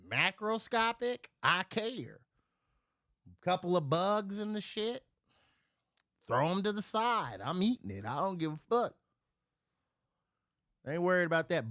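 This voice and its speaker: Profane, animated man ranting on a livestream. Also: no echo, clean studio sound. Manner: profane, rambling, animated rants; swings between loud outbursts and low mutters. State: drinking while streaming. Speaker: live streamer. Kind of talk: casual livestream chat. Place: at home near a refrigerator.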